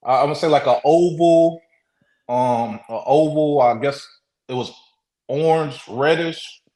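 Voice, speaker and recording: A man guest telling a story in casual talk. He speaks haltingly, with many restarts, and acts out the quotes. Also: a little high, warm tone, echoey room, poor audio. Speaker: interview guest.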